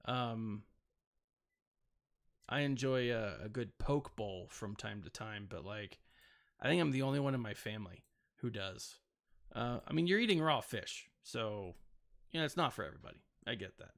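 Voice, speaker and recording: A man's voice: fairly low pitch, expressive, normal speed, creaky, pauses often, fairly bright tone. A man in his thirties, a gaming channel host, giving casual, rambling gameplay commentary with self-mocking asides and playful sound effects.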